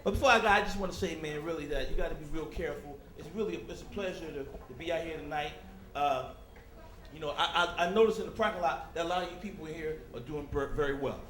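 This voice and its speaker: A man doing a stand-up comedy set, animated, talking straight to the crowd and slipping into loud character voices. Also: fairly high pitch, quick pace, reverberant, a little hiss or hum. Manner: talks directly to the crowd. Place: comedy club stage.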